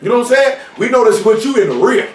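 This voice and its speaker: A man preaching an informal sermon in street slang, often asking "you know what I'm saying" and shouting for emphasis. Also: very high-pitched, animated, fast. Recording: roomy hall, mic far off, faint noise.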